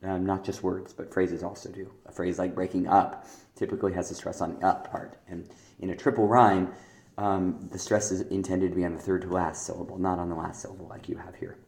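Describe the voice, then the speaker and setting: Deep-voiced man explaining rhymes, echoey. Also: little pitch movement, fairly quick, a little mellow. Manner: explanatory, with fillers and throat-clearing. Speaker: teacher giving feedback. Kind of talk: spoken feedback on rhyme exercises.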